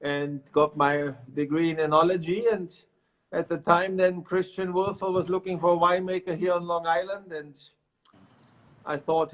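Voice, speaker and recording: A man's voice: a little high, flat delivery, normal speed, fairly bright tone, poor audio. A middle-aged man with a German accent, a winemaker explaining his work on a video call from his wine cellar, often restarting his sentences. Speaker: winemaker guest. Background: barrels rolling.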